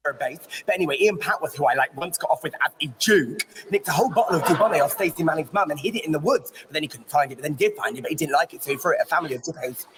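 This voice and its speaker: A man's voice: on the high side, animated, rapid-fire, few pauses, background noise, lightly acted. A man playing a rambling, defiant teenage girl with a Bristol accent, in a TV sketch comedy clip. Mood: rambling defensive. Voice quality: breathless run-on babbling.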